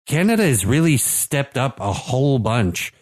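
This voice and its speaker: A man's voice: medium pitch, big pitch swings, moderate pace, no room sound, clean studio sound. A man co-hosting a podcast, talking casually about soccer teams with lots of fillers and restarts. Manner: chatty, many fillers and restarts. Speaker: podcast co-host. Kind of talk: casual sports chat.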